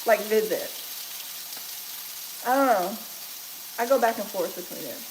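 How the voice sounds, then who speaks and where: Medium-pitched and a little slow, a woman with a Kentucky accent talks casually with her viewers while cooking at home, laughing often. A pan sizzles and the background is noisy on this cooking livestream.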